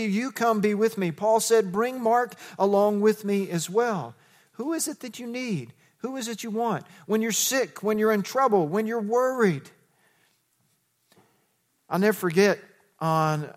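High-voiced man preaching conversationally. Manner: conversational storytelling preaching with rhetorical questions. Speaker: pastor. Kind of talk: sermon.

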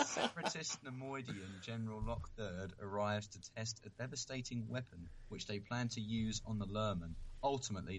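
A man co-hosting a podcast in casual chat, earnest and thinking aloud as he talks. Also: on the low side. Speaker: podcast co-host.

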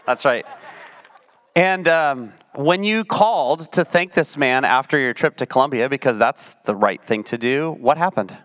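A pastor interviewing a guest during a church service. He leads with prompting questions and drops in a few lighthearted asides, sounding relaxed in front of his congregation. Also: mid-range voice, a little slow.

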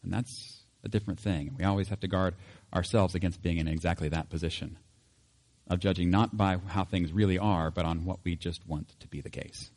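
A man reading scripture and then teaching in a relaxed, chatty way, laughing now and then. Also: deep voice, brisk, in a large hall. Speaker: pastor.

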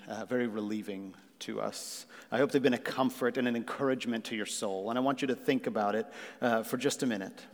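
Man preaching in a reverberant church. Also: on the low side. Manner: earnest preaching with fillers, rising emphatic questions. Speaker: pastor. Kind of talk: sermon. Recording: long reverb of a hall.

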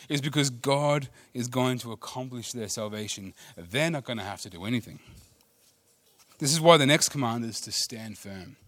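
A man preaching a sermon, swinging between loud emphatic lines and hushed ones. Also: medium pitch, dry recording, studio quality. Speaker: pastor.

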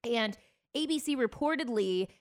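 A woman's voice: on the high side, lively intonation, normal speed. A woman co-hosting a podcast in casual chat, a chatty storyteller who laughs easily. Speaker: podcast co-host.

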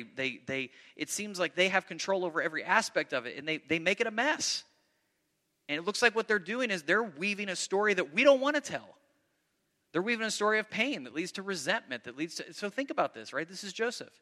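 A man preaching with a bright, ringing voice that sits a little high. He tells the story vividly and acts out the voices he quotes. His voice carries a long reverb from a large hall. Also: very animated, fairly quick. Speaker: pastor. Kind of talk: sermon.

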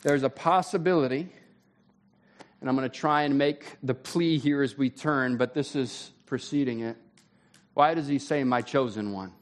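A man preaching a sermon in a conversational way, his voice climbing when he gets excited. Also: medium pitch, moderate pace. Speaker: pastor.

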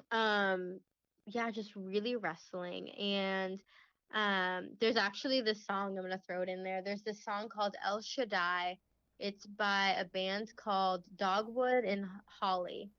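A woman's voice: mid-range voice, a bit bright, clear, resonant tone, dry recording. Chatty young woman sharing her story. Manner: chatty, many fillers and "like"s, laughs often. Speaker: guest. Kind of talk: casual testimony in a faith podcast. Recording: slightly dull, lo-fi.

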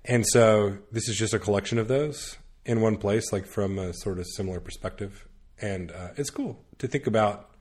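A man's voice: fairly low pitch, normal speed, darkish tone, husky. A man chatting casually on a podcast, rambling with lots of fillers and restarts, laughing now and then. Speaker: podcast guest recommending media. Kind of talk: casual chat.

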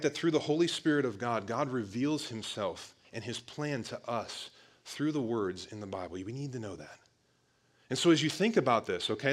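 A man's voice: mid-range voice, a bit bright. Casual man preaching a sermon. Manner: conversational, repeatedly addresses listeners as "guys" with frequent restarts.

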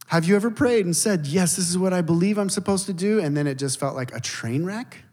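Man preaching a sermon, pastor, fairly high voice, long hall reverb, animated then hushed. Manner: animated storytelling, shifts between loud emphasis and hushed intensity.

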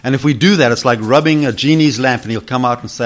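This preacher talks fast in a medium-pitched voice, leading a Bible study for a group gathered in a meeting room. He keeps things conversational, poses questions, and acts out the voices in the text.

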